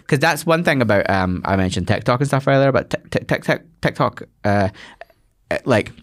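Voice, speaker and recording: A Scottish man, a guest comedian, telling stories in casual chat with lots of quick restarts. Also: mid-range voice, lively intonation. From Scotland. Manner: rambling storyteller with quick restarts.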